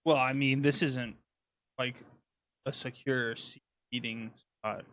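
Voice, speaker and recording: A man's voice: mid-range voice, fairly even intonation, slow, fairly bright tone, dry recording. A man playing a tabletop game, joking and laughing as he speaks in character and out. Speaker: player.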